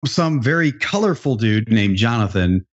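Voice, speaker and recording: A man's voice: mid-range voice, very animated, normal speed. A man hosting a podcast interview, chatty and joking, telling loose stories with restarts. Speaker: podcast host. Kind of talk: casual interview chat. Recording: dull lo-fi podcast sound.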